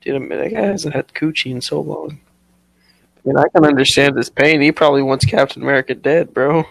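A man's voice: on the high side, brisk, creaky, a bit bright, dry recording, poor audio. A young man chatting as a podcast guest, laid-back and joking, running short of breath. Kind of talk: casual chat.

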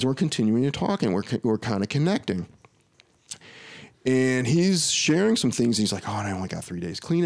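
Gravelly and a little mellow, a man's mid-range voice carries a long personal story as a podcast guest. His casual telling is full of restarts and quoted dialogue.

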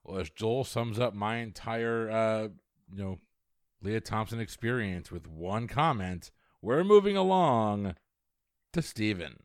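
A man's voice: fairly low pitch, a little slow, no echo, clean studio sound. A man hosting a casual podcast, moving the picks along with playful asides. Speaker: podcast host.

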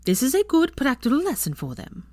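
A woman doing a brisk older headmistress. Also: sits high, wildly swooping pitch, dark tone, no room sound, voice pushed up, full character voice. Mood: approving. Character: stern older headmistress, quietly pleased.

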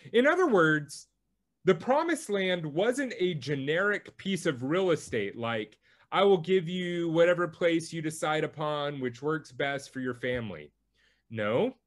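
A male pastor preaching a sermon, teaching through a Bible passage with slow, emphatic delivery. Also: fairly high pitch.

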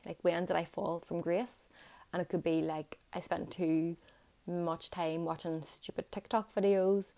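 A young woman speaks in a low, mellow voice, earnest and reassuring as she shares reflections with her viewers. Her talk is loose and casual, often leaning on "like" as she encourages the listener to keep going. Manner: earnest and encouraging, with many "like" fillers. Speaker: vlogger. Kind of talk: reflective motivational talk to camera.

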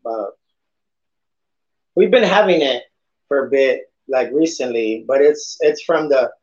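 A man's voice: mid-range voice, lively intonation, a little slow. A man with a lisp, hosting a podcast in a casual, rambling monologue that is full of restarts and swearing. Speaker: podcast host. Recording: dull lo-fi podcast audio.

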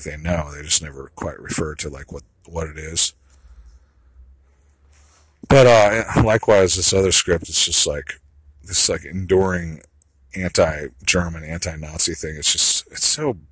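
A man's voice: low-pitched, a bit bright, breathy edge, low-quality recording. A man delivering a rambling solo monologue, blunt and profane, trailing off into asides.

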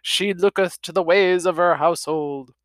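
A woman's voice: fairly low pitch, moderate pace, dry recording, lightly acted. A woman reading aloud and voicing a prim, middle-aged clergyman scolding his wife in a storybook. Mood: reproachful.

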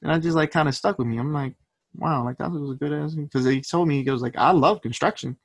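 A man's voice: a little high, fast talker, gravelly, dry recording. A young man, a rapper guest, telling stories in a laid-back, profane, slangy way during a casual interview.

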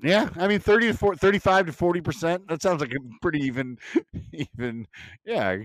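A man co-hosting a podcast in casual chat, agreeable and quick to laugh. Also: fairly high pitch, no room sound. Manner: laughs easily, agreeable reactions. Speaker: podcast co-host.

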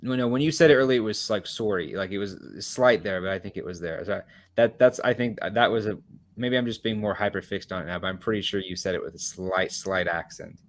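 An American man hosting a casual podcast chat, curious and questioning, quick to laugh. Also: fairly low pitch. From United States. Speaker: podcast host.

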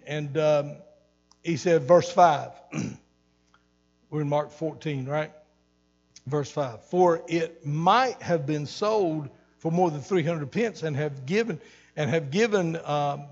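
A male pastor preaching a sermon, animated, repeating phrases and swelling loud for emphasis. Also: fairly high pitch, takes it slowly, long reverb tail, muffled recording. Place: church sanctuary.

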